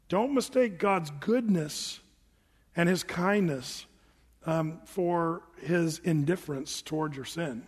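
High-voiced man preaching in a reverberant hall. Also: unhurried, husky. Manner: animated, conversational preaching with rhetorical asides. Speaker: pastor. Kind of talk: sermon. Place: church sanctuary. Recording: long reverb of a church hall.

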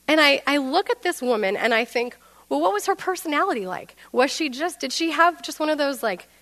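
A woman with a fairly high voice preaches through a personal story, acting out each quoted line with lively animation. Her voice rings with a long reverb, as if she is in a large hall. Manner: animated, acts out quoted dialogue.

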